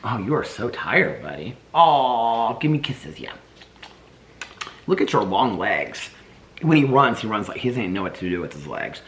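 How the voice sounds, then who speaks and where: A man's voice: on the low side, sing-song, moderate pace, a bit bright, a little hiss or hum. Doting man chatting to his dogs. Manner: doting baby talk to his dogs, rambling asides. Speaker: vlogger. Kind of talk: casual daily vlog. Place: home, indoors.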